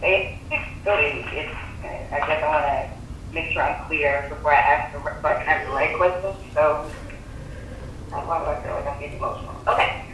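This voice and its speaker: A woman's voice: deep voice, fairly bright tone. Hesitant woman calling in, distant echoey phone, a bit of hiss. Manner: hesitant, halting. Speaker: caller. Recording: distant echoey phone line with faint noise.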